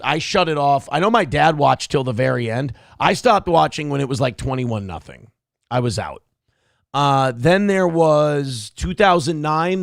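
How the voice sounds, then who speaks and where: A man in his thirties from Minnesota hosts a live stream, ranting and swearing. His voice sits slightly high, with a gravelly edge, and the mic sounds close and dry. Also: no echo. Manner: profane, ranting. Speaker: show host. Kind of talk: casual live-stream commentary.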